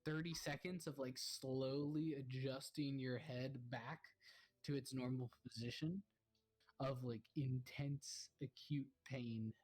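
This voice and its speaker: A man's voice: medium pitch, steady tone, slow pace, darkish tone. Playful man running a tabletop game. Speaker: game master.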